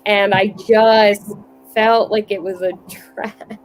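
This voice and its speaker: A woman's voice: medium pitch, steady tone, slow, low-quality recording. A woman with a mid-range voice hosts a book club livestream over a video call. She talks casually and loosely, stopping and restarting her sentences. A faint hum of noise sits underneath. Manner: chatty, hesitant, many likes and restarts.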